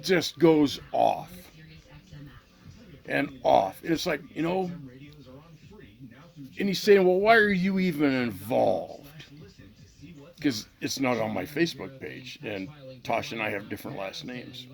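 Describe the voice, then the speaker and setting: Brief: middle-aged male vlog host, gravelly voice, angry and profane, talking off the cuff. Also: mid-range voice, animated, measured pace, long pauses. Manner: profane, heated, repeats himself. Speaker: channel host. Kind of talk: angry unscripted rant to camera.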